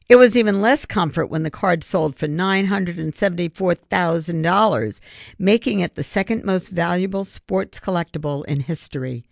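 Gravelly audiobook narrator. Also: medium pitch, moderate pace, dry recording, clean studio sound. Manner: steady storytelling.

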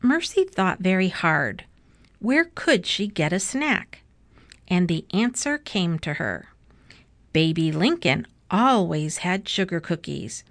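A woman reading a children's book aloud with slow, gentle, clear storytelling. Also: fairly low pitch, no echo. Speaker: storybook reader.

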